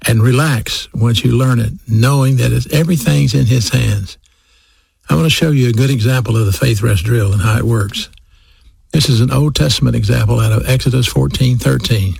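A man's voice: medium pitch, moderate pace, creaky, darkish tone, breathy edge, dry recording. A man preaching a sermon, speaking straight to his listeners and repeating key phrases for emphasis. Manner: addresses listeners directly.

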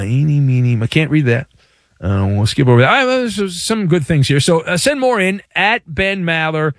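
A man hosting a sports talk radio show, delivering a playful, hyperbolic monologue with dramatic pauses. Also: a little high, fairly bright tone, no echo, studio quality.

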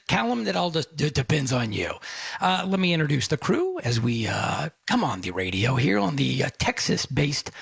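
A man's voice: on the high side, creaky, a bit bright, slightly rough, dry recording. A middle-aged man hosting a talk radio tech show, chatty and conversational, speaking to listeners as a friend.

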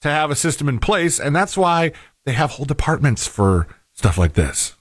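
A man's voice: on the high side, sing-song, moderate pace, no echo, studio quality. A man co-hosting a talk show, telling stories casually in a rambling way with many fillers. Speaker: co-host. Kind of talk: casual chat.

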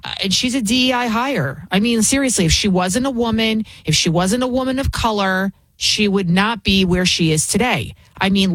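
A woman talk show host with a medium-pitched voice delivers combative, sarcastic political commentary, leaning hard on emphatic phrases. The recording is dry and close, with no echo or room sound.

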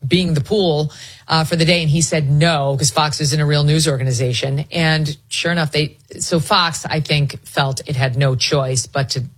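A woman with a low, husky voice talks politics as a guest. Her delivery is sarcastic and mocking, and she turns animated when she takes apart a point. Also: normal speed. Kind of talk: opinionated political chat.

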